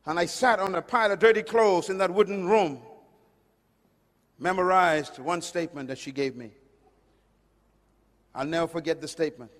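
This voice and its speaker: A man preaching a sermon, emphatic, swinging from loud declarations to hushed lines. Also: on the high side, moderate pace, pauses often. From Caribbean island. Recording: long hall reverb.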